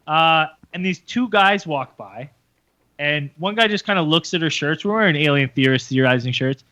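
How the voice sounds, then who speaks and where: A man's voice: fairly high pitch, moderate pace, dry recording. A man co-hosting a podcast, telling a story casually, swearing freely and acting out what people said. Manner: swearing, animated retelling with acted quotes. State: hungover. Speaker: podcast co-host. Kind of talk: casual storytelling among friends.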